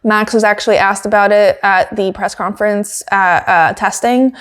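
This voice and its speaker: A woman's voice: mid-range voice, fairly even intonation, normal speed. A woman hosting a casual motorsport podcast, chatting with many fillers, giggles and dry asides. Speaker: podcast host. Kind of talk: casual chat recapping motorsport news.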